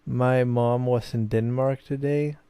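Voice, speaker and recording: Slightly drunk on beer, this young male gaming host from Sweden reads a visual novel aloud as he plays, chatting loosely and packing his let's play commentary with fillers. His mid-range voice is warm, clear and resonant, with fairly even intonation and an unhurried pace. There's no echo.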